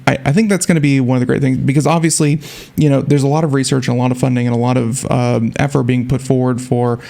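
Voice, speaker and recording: A man's voice: medium pitch, level tone, fast talker, gravelly, dark tone. A man co-hosting a tech talk show in casual chat, rambling and repeating words as he restarts. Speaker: radio show co-host.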